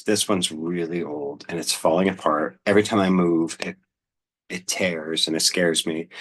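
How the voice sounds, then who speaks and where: Very deep-voiced man chatting casually. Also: breathy edge. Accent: Pennsylvania. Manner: relaxed, rambling, with many "um"s and restarts. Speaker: host. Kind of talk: casual talk, reading aloud from an old newspaper.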